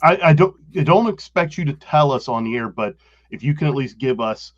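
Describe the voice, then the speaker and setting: A man's voice: mid-range voice, animated, brisk, dry recording. A man hosting a sports podcast, asking long, meandering questions in a casual tone. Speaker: podcast host. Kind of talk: casual chat. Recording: dry, dull lo-fi sound.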